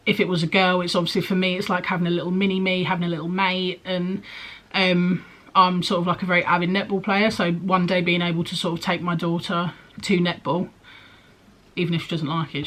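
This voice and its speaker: A woman's voice: fairly low pitch, flat delivery, moderate pace. A young woman, pregnant, chatting casually in a rambling way, with frequent ums and likes, as she answers questions for her vlog. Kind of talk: casual chat.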